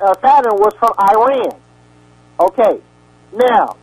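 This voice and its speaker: A man's voice: high-pitched, darkish tone, low-quality recording. A man giving a rambling sermon-style lecture over a radio broadcast, repeating words and asking his listeners questions. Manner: asks the audience questions.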